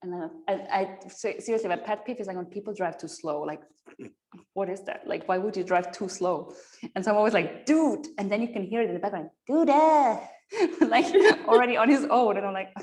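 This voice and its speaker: A woman's voice: medium pitch, brisk, darkish tone. A woman in her thirties, a yoga teacher chatting with her online class, rambling and laughing often at herself.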